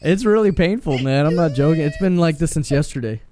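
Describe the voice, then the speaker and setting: A man's voice: a little high, lively intonation, brisk, dark tone, a little hiss or hum. A man with the hiccups co-hosting a podcast, eagerly rattling off fight records in casual sports chat. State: has the hiccups. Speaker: podcast co-host.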